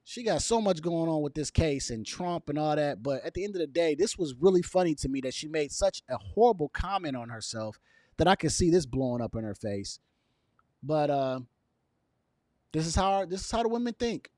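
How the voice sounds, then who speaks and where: A man talking straight to camera in a loose, opinionated commentary, his voice sitting a little high and swinging widely up and down. He hammers his points by saying them twice and laughs softly between lines, and the sound is close and dry with no room around it. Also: animated, normal speed, no echo. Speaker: video commentator.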